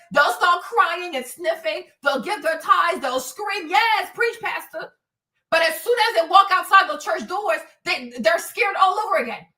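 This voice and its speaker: High, animated woman preaching on stream. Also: echoey room, recorded from a distance. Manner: emphatic, repetitive, animated. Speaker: livestream host. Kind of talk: preachy casual livestream talk.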